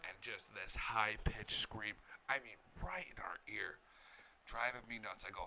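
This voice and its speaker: A man, chatting casually as a sports channel host and reacting like an excited fan to game highlights. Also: moderate pace, vocal fry, a little hiss or hum. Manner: excited fan, swears, talks back to the footage.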